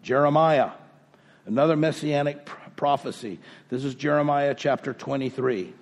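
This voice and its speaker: A man's voice: mid-range voice, moderate pace, creaky, big-room sound. A man preaching a sermon, reading scripture aloud with rising emphasis and asking the congregation questions. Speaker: pastor.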